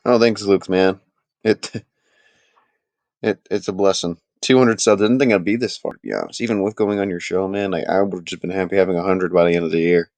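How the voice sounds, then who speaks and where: A man hosting a casual live sports talk stream, chatting with his viewers and making animated, emphatic points. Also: low voice, moderate pace, no room sound.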